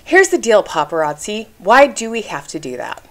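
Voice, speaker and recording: A woman's voice: medium pitch, big pitch swings, normal speed. A woman vlogger talking straight to the camera in an indignant, emphatic rant, stopping often to ask "okay?", and at times getting emotional. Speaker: YouTube commentary creator.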